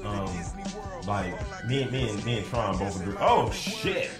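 A man's voice: fairly low pitch, a little slow, echoey room, over music. A man co-hosting a casual podcast, telling crude stories and acting out the people in them. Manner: animated storytelling with lots of impressions. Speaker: podcast co-host. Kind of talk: casual explicit podcast banter.

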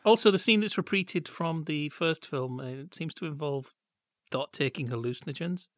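Brief: male podcast co-host, chatty and jokey, slightly high voice, dry close sound. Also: normal speed, no room sound. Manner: chatty, jokey, acts out quotes. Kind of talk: casual chat reviewing old TV.

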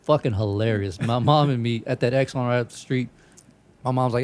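A man's voice: medium pitch, normal speed, darkish tone. A man in his thirties, a podcast host telling wild childhood stories in casual, profane chat and laughing often.

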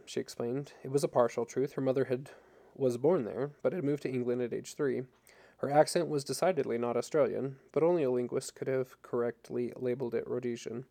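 A man reads a novel aloud at an even, measured pace. His voice is dark and mellow. A gravelly texture runs through his words. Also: mid-range voice. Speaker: narrator. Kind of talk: audiobook reading.

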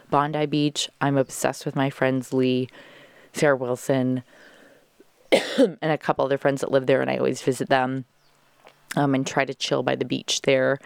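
Podcast host from Southern California, fast, gushing, dry close-mic sound. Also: medium pitch, gravelly, smooth, no echo. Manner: fast, gushing, sprinkled with swearing and laughter. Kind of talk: casual solo podcast chat.

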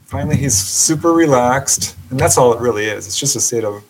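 Man telling a story with lively voices. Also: medium pitch, fairly quick, slightly rough, poor audio. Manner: lively narration that acts out the people in the story, laughing often. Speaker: guest, author on UFO encounters. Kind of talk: animated storytelling in a podcast interview.

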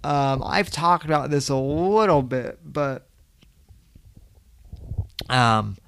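A man's voice: mid-range voice, expressive, takes it slowly, vocal fry, a bit bright, smooth, no echo. A young man hosting a podcast, rambling casually with many fillers and the odd swear. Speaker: podcast host.

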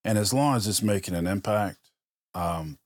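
A man's voice: fairly low pitch, normal speed, no echo, studio quality. A man, a police officer guest on a podcast, telling stories in casual chat and acting out the dialogue he quotes.

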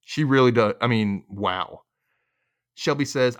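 A man's voice: lowish voice, normal speed, a bit bright. A man hosting a casual recap podcast, a little tipsy, swearing freely and laughing often. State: tipsy from drinking. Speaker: podcast host.

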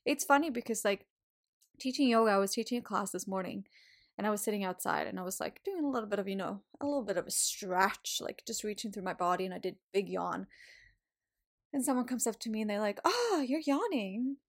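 A woman's voice: mid-range voice, fast talker. Swearing, upbeat woman podcaster. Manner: swears often, laughs, animated and encouraging. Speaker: podcast host. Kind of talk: casual motivational monologue.

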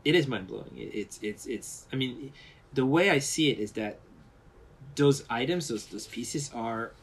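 A man's voice: medium pitch, husky. A man working in animation and visual effects, a guest telling casual stories with many restarts. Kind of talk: casual anecdotal interview.

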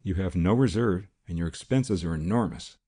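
A man voicing a calm, stern vigilante who speaks quietly and with total confidence. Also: sits low, normal speed, slightly rough.

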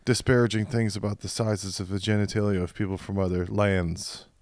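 A man's voice: on the low side, little pitch movement, brisk, darkish tone, no room sound, studio quality. A man co-hosting a comedy podcast, bantering irreverently and laughing often. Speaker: podcast co-host.

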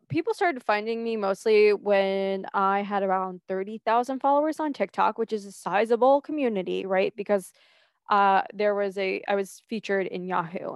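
A woman's voice: medium pitch, no room sound, clean studio sound. A young woman hosting a solo podcast, talking casually and acting out her own past reactions. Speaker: podcast host and coach.

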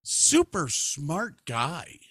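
Slow, animated man chatting on a podcast. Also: fairly high pitch, slightly rough, no room sound, clean studio sound. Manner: reads facts aloud with lively, animated delivery. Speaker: podcast co-host. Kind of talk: casual chat.

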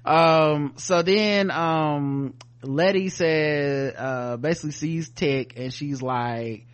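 A man's voice: medium pitch, takes it slowly. A man co-hosting a podcast, recapping a TV episode in casual, profane chat and acting out the characters' lines as he goes. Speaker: podcast co-host reviewing a TV episode.

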